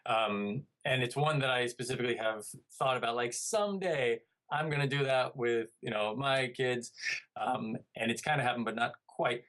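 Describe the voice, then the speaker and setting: A man's voice: medium pitch, moderate pace, fairly bright tone. A man in his thirties, a comedian guest, telling stories in a casual interview, rambling and restarting with playful asides.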